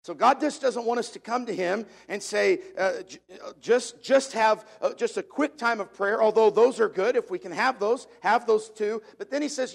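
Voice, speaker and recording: A man's voice: extremely high pitch, normal speed, gravelly. A man preaching a sermon to a congregation, repeating key phrases for emphasis in a preacher's cadence. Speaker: pastor.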